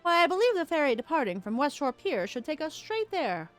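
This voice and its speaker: A woman's voice: high voice, very animated, a little fast, voice pushed up. A woman voicing a polite, earnest young male scholar in a game.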